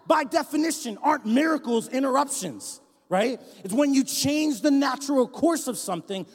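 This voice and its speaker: A man preaching as pastor in a church hall, his high voice carrying a long reverb. He swings between loud, rousing shouts and soft, near-whispered asides. His delivery is lively and conversational. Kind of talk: sermon.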